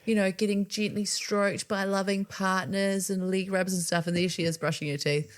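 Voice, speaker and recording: A woman from New co-hosts a podcast in casual conversation. Her voice sits at a middle pitch for a woman. She retells moments in a bubbly, animated way. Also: moderate pace. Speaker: podcast co-host. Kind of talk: casual chat.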